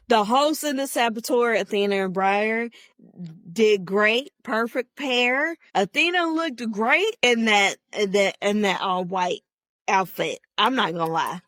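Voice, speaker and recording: A woman's voice: fairly high pitch, a bit bright. A woman hosting a podcast, giving a chatty, opinionated solo review with lots of asides and restarts. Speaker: podcast host reviewing a TV show. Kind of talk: casual solo review chat.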